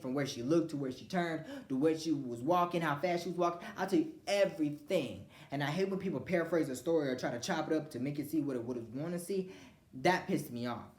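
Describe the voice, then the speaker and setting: A woman's voice: low-pitched, darkish tone, echoey room. A woman ranting casually to camera, blunt and profane, acting out what other people said. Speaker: vlogger.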